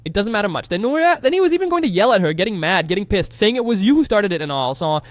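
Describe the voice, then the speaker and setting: A man casually recapping a comic story, excitable and slangy, teasing the viewers with asides. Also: high-pitched, fast, dry recording, clean studio sound. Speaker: manhwa recap narrator.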